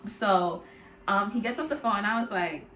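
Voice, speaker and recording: Bright-voiced young woman telling a story. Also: medium pitch, moderate pace. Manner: chatty, peppered with "like", talks to viewers as "y'all". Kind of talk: casual storytime monologue.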